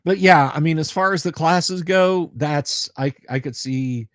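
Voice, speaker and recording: A man chatting on his livestream, rambling and often cutting himself off mid-sentence as he answers viewer comments. His voice sits a little higher than most men's. The sound is close and dry, with no room around it. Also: unhurried, no room sound. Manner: rambling, self-interrupting, chatty. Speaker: livestream host. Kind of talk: casual livestream chat.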